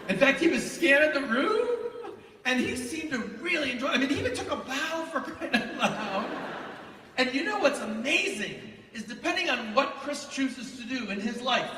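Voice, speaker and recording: A man presenting to a large live student audience in an auditorium, energetic and animated as he directs the crowd. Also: very high-pitched, normal speed, background noise. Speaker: event presenter. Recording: echoey hall, voice from far off.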